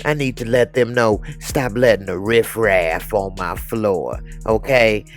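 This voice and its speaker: A man's voice: fairly low pitch, measured pace, soft background music, natural voice. A man voicing a brash, defiant middle-aged woman who scolds in sassy slang. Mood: fed up.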